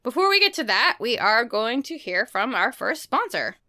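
Speaking at a normal pace in a higher-pitched voice, this forties-aged podcast co-host chats playfully about books and everyday life. Her stories come alive with animated, silly character voices.

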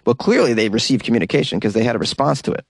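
A man's voice: mid-range voice, expressive, rapid-fire, vocal fry, slightly rough, no room sound, studio quality. A man hosting a comedy news show, reading headlines and cracking sarcastic jokes between them. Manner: sarcastic, jokey asides between read news items. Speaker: comedy news podcast host.

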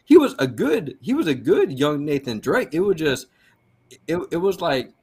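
A man's voice: on the high side, sing-song, normal speed, darkish tone, breathy edge. Rambling, swearing male podcast guest. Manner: rambling, swearing, with stammered restarts. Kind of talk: casual podcast chat.

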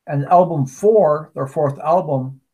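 Chatty man with a slightly high voice. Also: takes it slowly, dark tone. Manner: chatty storyteller, many restarts and asides. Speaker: podcast co-host. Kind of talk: casual chat.

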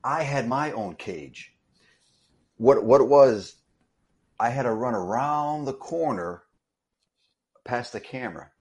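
A man telling a story in casual conversation, animated and full of restarts. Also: mid-range voice, takes it slowly, pauses often. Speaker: interview guest, stuntman.

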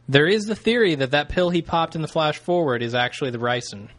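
A man co-hosting a podcast in casual chat, agreeable and speculative, quick to laugh. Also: on the high side, animated, fairly bright tone. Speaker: podcast co-host.

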